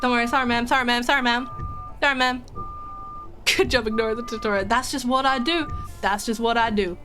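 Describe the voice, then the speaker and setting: A woman's voice: fairly high pitch, steady tone, fairly quick, music in the background. A young woman streamer chatting casually with her viewers while playing a game, giggling and joking. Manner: chatty, giggly, talks to chat. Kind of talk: casual gaming commentary.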